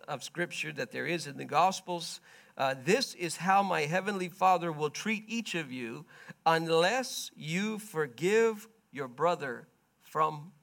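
A man preaching a sermon, retelling a story in plain words and swinging from quiet murmurs to loud, emphatic bursts. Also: fairly high pitch, vocal fry. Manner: stops to explain in plain everyday words.

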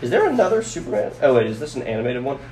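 Man podcast co-host, mid-pitched, chatty and rambling, echoey room, faint hiss. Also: big pitch swings, racing, darkish tone. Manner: chatty, thinks aloud with many fillers. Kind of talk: casual podcast chat.

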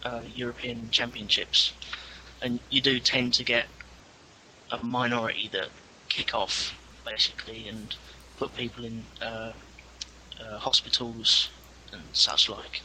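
Very bright-voiced man from England. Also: medium pitch, little pitch movement, unhurried, slight background noise, poor audio. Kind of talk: casual conversation.

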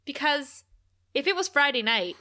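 High-pitched and at a normal speed, a female podcast co-host goes over an episode in relaxed conversation. Lively and quick to laugh, she acts out what the characters said.

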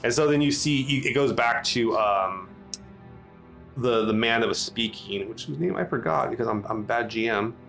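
Male game master, mid voice, hesitant filler-laden narration, soft music under. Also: medium pitch, gravelly. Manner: halting, filler-heavy narration with many restarts.

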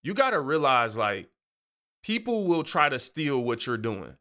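A man hosting a show, telling a story in a casual, animated, slangy way and laughing often. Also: mid-range voice, unhurried. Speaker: podcast host.

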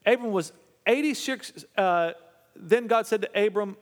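Preaching a sermon in a high-pitched, unhurried voice, this male pastor reads passages of scripture and then offers commentary. He often addresses the congregation directly, with long reverb from the hall.

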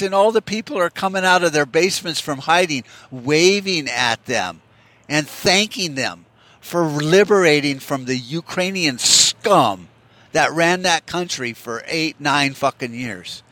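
A man's voice: a little high, a little slow, a bit bright. A man delivering a heated, profane, rambling monologue as a podcast host. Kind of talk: casual rant monologue.

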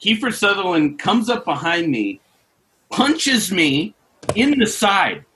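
A man telling a long, animated story on a podcast, laughing often as he goes. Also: high voice, slow. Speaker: podcast co-host. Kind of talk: casual storytelling.

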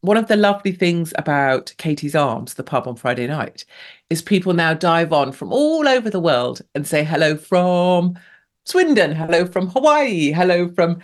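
This English radio host is a middle-aged woman whose fairly low voice is very animated, moving at a moderate pace. On her live talk show she gushes breezily while reading listener chat messages and tossing in playful remarks.

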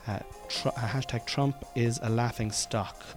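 Talking over music, the Cork comedian, in his thirties, hosts a podcast in a mid-range voice with a steady tone, going a little slowly. His casual monologue wanders, full of self-deprecation, fillers and restarts.

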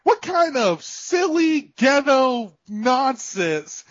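High, animated man ranting. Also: extremely slow, no room sound. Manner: animated, profane, ranting with laughter. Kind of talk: casual chat. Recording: dull lo-fi, dry.

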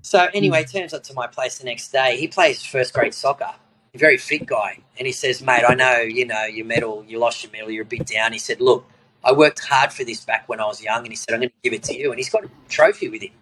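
A man's voice: mid-range voice, fast talker, a bit bright, rough recording. A man, a jiu-jitsu professor on a podcast, telling a story in a casual way and acting out the other people's lines. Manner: acts out the voices in his story, chuckles through punchlines.

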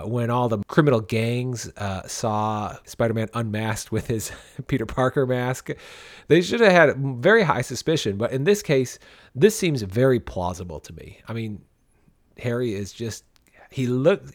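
A man co-hosting a casual podcast, recapping a story in an animated way and often laughing. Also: fairly low pitch, no echo, studio quality. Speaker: podcast co-host. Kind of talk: casual comic book podcast chat.

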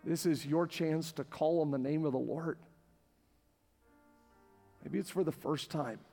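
A man preaching a sermon as pastor to a congregation in a church, passionate and repetitive, building to near-shouting. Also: a little high, a little slow, vocal fry. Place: church sanctuary with live congregation. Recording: long hall reverb with faint music.

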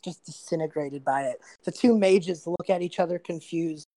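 A woman narrating a tabletop game as game master, relaxed and chatty, slightly losing her voice. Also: lowish voice, normal speed, dry recording. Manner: relaxed narration with frequent fillers and laughs.

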